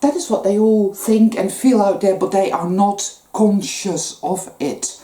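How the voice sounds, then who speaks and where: With a warm, mid-range voice and fairly even intonation, a woman speaks at a measured pace. She's a spiritual vlogger giving an intense, emotional monologue in an echoey room, sometimes gasping and occasionally swearing.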